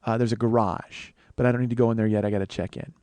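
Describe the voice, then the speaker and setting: A comedian in his forties hosts his own show, telling a rambling, profane, self-mocking story packed with fillers and acted-out quotes in a comic monologue. His voice is fairly low and steady, a little mellow, and he talks fast. The recording is dry.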